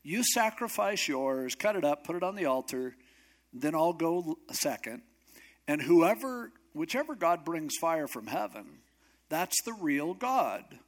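A man's voice: fairly high pitch, sing-song, unhurried. A man voicing a bold male prophet who trash-talks his rivals with swagger, in a sermon retelling. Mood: brash. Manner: swaggering, wisecracking trash talk.

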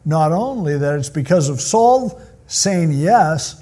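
A male pastor preaching a sermon in an animated, conversational style as he retells a Bible story. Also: a little high, takes it slowly.

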